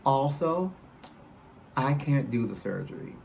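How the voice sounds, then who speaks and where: A blunt, offhand eye doctor lady, voiced by a man retelling a story, delivering news with casual slang and no fuss. The delivery is loose and lively. A faint hiss sits underneath. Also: medium pitch, slow pace, creaky. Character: blunt, matter-of-fact female eye doctor.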